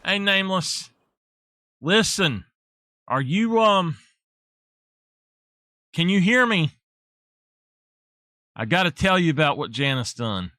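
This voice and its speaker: A man's voice: high voice, slow pace, pauses often, dry recording, clean studio sound. A man chatting casually and telling stories while streaming a farming game. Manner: relaxed, rambling storyteller. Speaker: gaming streamer. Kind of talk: casual chat while playing.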